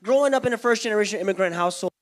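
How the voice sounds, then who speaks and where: A young male comedian working a live room at a community event, his voice sitting a little high as he jumps between crowd banter and playing his own mom and dad. He talks into a handheld mic on stage. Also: very fast. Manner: energetic crowd work, acts out his parents and friends. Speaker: stand-up comedian. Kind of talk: stand-up comedy set. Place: community center event hall, live audience.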